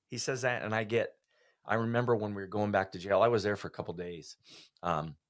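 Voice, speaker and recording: Man, very deep voice, podcast guest, earnest personal testimony, heartfelt storytelling.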